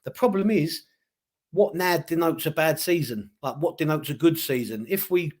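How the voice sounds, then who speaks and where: Man, podcast co-host, measured fan talk, voice sits a touch high. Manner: measured, reasoning, asks for agreement. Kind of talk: casual football chat.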